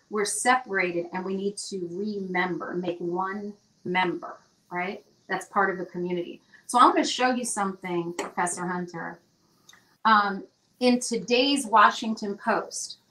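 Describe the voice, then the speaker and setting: A woman teaching in an animated, conversational way, often checking in with "right?". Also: medium pitch, far from the mic, low-quality recording. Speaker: guest teacher.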